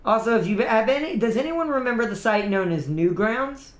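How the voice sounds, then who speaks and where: Man, gaming streamer, high voice, rambling casual chat, laughs a lot, echoey room. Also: expressive, fairly quick. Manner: rambling and enthusiastic, laughs often. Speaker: streamer host.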